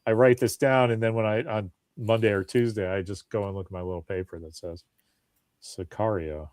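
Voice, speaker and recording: A man's voice: lowish voice, fairly quick, no room sound. A man hosting a podcast in casual chat, telling stories with animation and acting out what people said. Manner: animated storyteller, acts out quoted voices. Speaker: podcast host.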